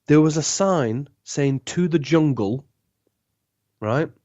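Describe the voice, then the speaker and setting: A man, a podcast guest, telling a long anecdote in a rambling, animated way and acting out the dialogue. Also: on the high side, takes it slowly, no echo. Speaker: podcast guest, former club DJ. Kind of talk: casual storytelling. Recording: dull lo-fi podcast audio.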